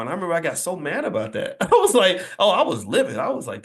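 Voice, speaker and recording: A man's voice: high voice, very animated, quick pace, few pauses, a bit bright. A man delivering a motivational talk to a live audience in an indoor event space. He is emphatic and preachy and repeats phrases for punch. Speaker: finance speaker.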